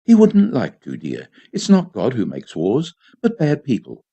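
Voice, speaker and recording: A man reading a storybook, voicing a patient young mother who speaks softly and soothingly. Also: mid-range voice, wildly swooping pitch, unhurried, slightly rough, exaggerated voice. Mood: gentle. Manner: soft, hushed and soothing. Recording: dull lo-fi community radio.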